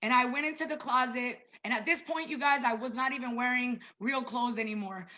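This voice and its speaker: A woman in her thirties with a high, bright voice, talking to a group on a video call. She is chatty and personal and keeps calling her listeners "you guys." The sound is a bit dull and lo-fi. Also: a little fast. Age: 30s. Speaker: wellness coach presenting to a group. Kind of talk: casual online presentation.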